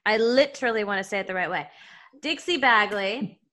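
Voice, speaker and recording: Here the same kind of speaker, a Southern US woman in her forties co-hosting a podcast, talks in a relaxed, chatty way with easy laughter. She sounds expressive and brisk, with a mid-range voice and a fairly bright tone.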